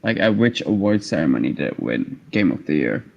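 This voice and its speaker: A man's voice: extremely low pitch, big pitch swings, fairly quick, gravelly, a little mellow, highs cut off, slight background noise. A man chatting casually on a podcast, making dry, blunt remarks with the odd swear word. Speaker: podcast co-host or guest. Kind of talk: casual chat.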